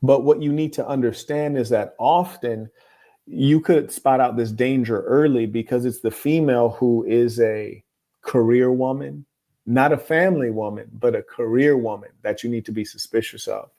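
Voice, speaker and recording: A man hosting an advice show, reading viewer letters aloud and giving blunt, moralizing opinions in a calm, lecturing way. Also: mid-range voice, normal speed. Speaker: host.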